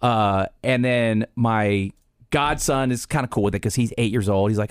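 A man's voice: mid-range voice, normal speed, smooth. A young adult man, a podcast co-host, telling a funny story in casual chat. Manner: animated storyteller, acts out voices.

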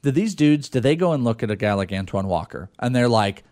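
A man's voice: medium pitch, expressive, fairly quick, few pauses, darkish tone, dry recording, clean studio sound. A man hosting a casual sports talk show who teases and jokes in banter. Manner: joking, teasing banter.

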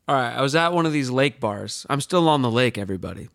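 A man's voice: mid-range voice, fast talker, gravelly. A man in his thirties co-hosting a podcast, telling a funny story with lots of laughter and acted-out voices. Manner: animated storyteller, laughs often, acts out voices. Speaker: podcast co-host. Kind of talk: casual comedic chat.

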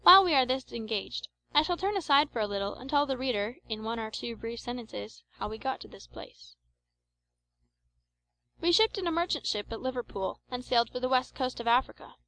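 A woman narrating an adventure novel in a measured, expressive audiobook reading. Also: fairly high pitch, rough recording.

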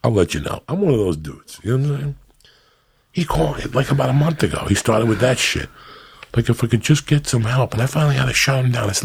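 A middle-aged man from New Jersey hosting a podcast, telling stories in a profane, animated, ranting way. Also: medium pitch, quick pace, vocal fry, slightly rough. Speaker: podcast host. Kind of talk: casual podcast banter.

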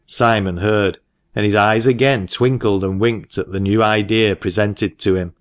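A man narrating a classic novel as an audiobook in a measured, even manner. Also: lowish voice.

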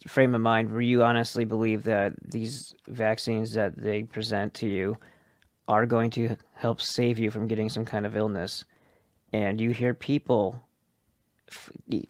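A man's voice: medium pitch, darkish tone, no echo. Earnest male podcast host, dry sound. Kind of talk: interview talk.

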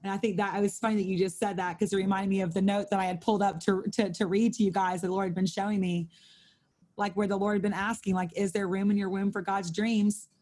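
A woman's voice: mid-range voice, little pitch movement, fast, darkish tone. A woman leading a Bible study prayer over a video call, earnest and fervent, often repeating her phrases.

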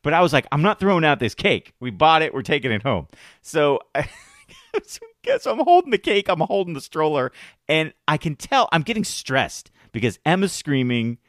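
A man in his thirties tells a story in a loose, chatty way, and his pitch swings widely as he acts out the other people in it. The recording is dry and close, with almost no room sound. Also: moderate pace, no room sound. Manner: animated, acts out quoted voices. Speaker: podcast host. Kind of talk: casual storytelling chat.

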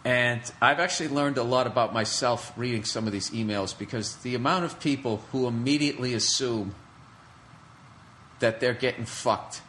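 A man's voice: mid-range voice, moderate pace, a bit bright, slight background noise. A man hosting a podcast, ranting alone in a sarcastic, profane comedic way. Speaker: podcast host. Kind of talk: solo comedic rant.

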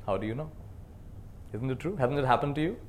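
A man's voice: mid-range voice, lively intonation, fast. Earnest man teaching meditation. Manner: earnest, swings between soft and emphatic; leads the audience in call-and-response. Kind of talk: dharma talk to a live group.

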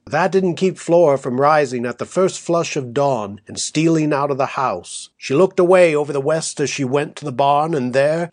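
A man reading an old-fashioned story aloud as an audiobook narrator, in a measured, even way. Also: fairly high pitch, no echo, studio quality.

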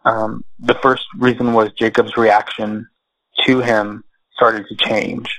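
Male guest, measured storyteller, dry close-miked sound. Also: on the low side, flat delivery, fairly bright tone, dry recording, low-quality recording. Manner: slow, measured, halting with fillers. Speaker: interview guest. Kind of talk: personal storytelling.

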